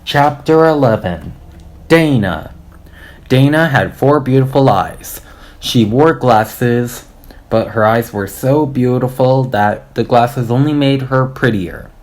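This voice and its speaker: A male narrator reads a children's storybook, taking his time over every sentence. His pitch sits in the middle of the range, and the telling stays deliberate and measured. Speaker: audiobook reader.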